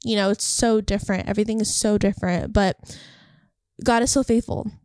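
A woman's voice: medium pitch, fairly even intonation, fairly quick, a little mellow, clear, resonant tone, no room sound, clean studio sound. A young woman talking casually and earnestly to camera about faith and encouragement, rambling and heartfelt. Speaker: faith vlogger. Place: California.

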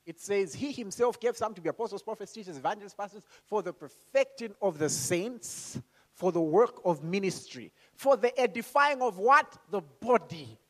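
High voiced guy preaching, calm and slow then loud, keeps asking the church questions. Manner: asks the congregation questions and acts out voices. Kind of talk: sermon.

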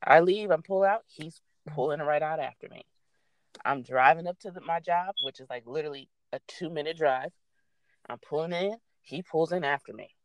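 A young adult woman casually telling a story, animated and swearing freely as she acts out what people said. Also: low voice, normal speed, no room sound.

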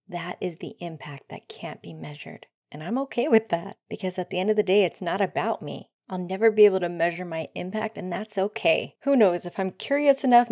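A woman hosting a solo podcast, talking earnestly and often dropping into soft near-whispers. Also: medium pitch, no room sound, studio quality. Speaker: podcast host.

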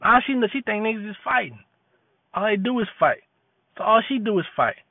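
Brief: high-voiced man, preachy street-slang monologue, tinny phone-quality audio. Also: big pitch swings, a little fast, no echo. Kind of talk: impassioned monologue.

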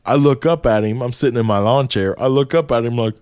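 A man's voice: medium pitch, fast talker, clear, resonant tone, no echo, studio quality. Profane man spinning a wild story. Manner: profane, animated storytelling with frequent swearing. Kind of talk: casual storytelling chat.

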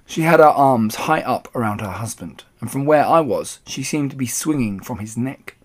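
Brief: male storybook reader for kids, lively and expressive, mid pitch. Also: normal speed. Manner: expressive, animated. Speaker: audiobook reader. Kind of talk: storybook narration for children.

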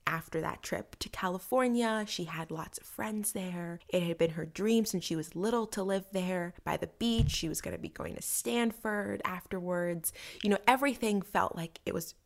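A woman's voice: lowish voice, moderate pace, gravelly, hardly any pauses. Chatty young woman podcast host. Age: 20s. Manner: chatty, earnest, confiding. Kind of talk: casual solo podcast talk.

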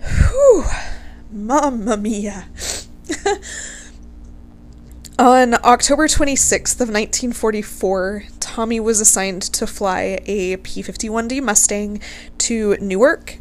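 A woman's voice: medium pitch, measured pace, slight background noise. A woman casually telling a history story to her viewers, gushing over her subject, swearing freely and close to tears.

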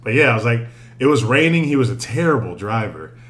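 A man co-hosting a podcast, telling a story in an animated, profane, casual way, laughing often. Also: medium pitch, fairly quick. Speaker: podcast co-host.

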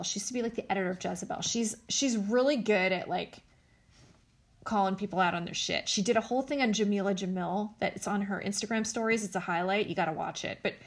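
A woman's voice: medium pitch, a bit bright. A woman hosting a casual commentary show, blunt and sarcastic, swearing freely as she talks.

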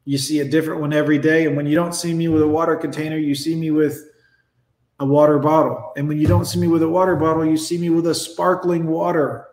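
Brief: blunt, profane male reaction host, slightly high voice, echoey room. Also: flat delivery, fast talker, darkish tone. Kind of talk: mocking reaction commentary. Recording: roomy echo.

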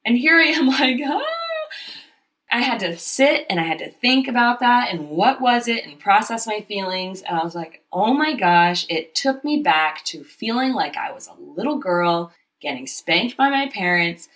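A woman co-hosting a candid conversation, talking openly about her own experiences in a lively, storytelling way. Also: medium pitch, normal speed. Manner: open, confessional, animated storytelling. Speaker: podcast co-host. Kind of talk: candid casual chat.

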